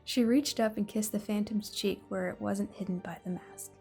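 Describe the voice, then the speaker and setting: A mother reads a bedtime story aloud at home in an expressive, playful voice of middling pitch. Faint music plays underneath throughout. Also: moderate pace, gravelly, slightly rough. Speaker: parent reading to her child.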